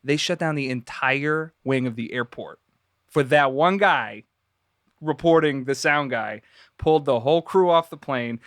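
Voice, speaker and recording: A man's voice: mid-range voice, a little slow, a bit bright, no echo, clean studio sound. A man co-hosting a casual podcast chat, musing at length about conspiracy stories with loose, rambling phrasing. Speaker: podcast co-host.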